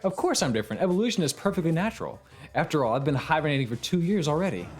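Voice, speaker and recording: A man's voice: on the high side, sing-song, racing, pitched above the performer's own voice. A man voicing a gloating, mocking robot bear headmaster as he reads game lines on stream, taunting and theatrical. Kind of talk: reading game dialogue aloud on stream.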